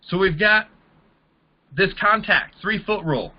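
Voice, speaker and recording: A man's voice: high voice, animated, a little slow, lo-fi sound. A man teaching a network marketing audience in a casual way, acting out both sides of the conversations he describes. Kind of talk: training talk to a group.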